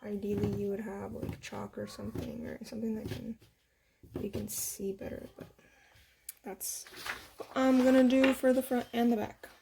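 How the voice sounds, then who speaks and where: A young woman casually walking viewers through a sewing project at home, chatty and quick to laugh at herself. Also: medium pitch, little pitch movement, vocal fry, background noise. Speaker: sewing tutorial host. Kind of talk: casual step-by-step sewing demo.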